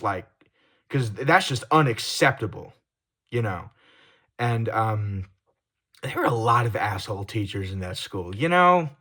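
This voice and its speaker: A young man confides in his viewers in a vlog, his voice at a middling pitch. He gets heated and swears bluntly, then drops into quiet, stumbling apologies with restarts that trail off. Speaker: YouTuber. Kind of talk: confessional vlog monologue.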